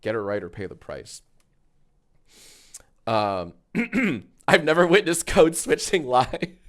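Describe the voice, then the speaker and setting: A man's voice: medium pitch, very animated, takes it slowly. A man chatting casually on a livestream, joking and riffing on messages from chat. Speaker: streamer.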